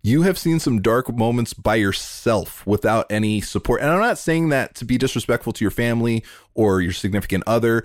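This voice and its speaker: A man hosting a podcast interview over a remote call, talking in an earnest, heartfelt way and in quick bursts. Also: medium pitch, expressive, no echo, clean studio sound. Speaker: podcast host. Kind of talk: emotional interview conversation.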